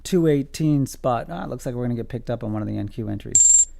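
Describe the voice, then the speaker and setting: A man's voice: medium pitch, quick pace, vocal fry, warm tone. A man streaming his day trading live, calling out levels to viewers in a casual, joking, self-amused way.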